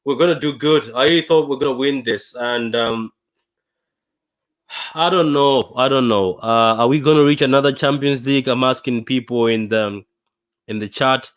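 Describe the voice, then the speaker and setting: A young man hosting a fan livestream after a painful defeat, talking in a dejected, halting way with many repeats and restarts. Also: medium pitch. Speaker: fan channel livestream host. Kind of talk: emotional post-match fan livestream.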